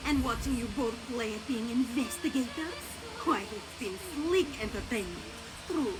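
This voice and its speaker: An actress voicing a mysterious woman stranger in a video game, smooth, condescending and politely threatening. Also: a little high, normal speed, background noise, lightly acted. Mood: taunting. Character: mysterious woman stranger, silky and veiled-menacing. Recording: game audio with music behind.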